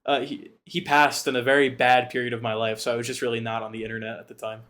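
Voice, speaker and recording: A man cohosting a podcast, chatting casually and retelling a film in a rambling, profane, animated way. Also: mid-range voice, fast talker. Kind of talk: casual chat.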